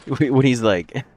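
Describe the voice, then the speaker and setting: A man's voice: medium pitch, a little mellow. A young man casually commenting on his game for a live stream, joking, laughing and answering chat. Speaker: gaming streamer. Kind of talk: casual let's-play commentary.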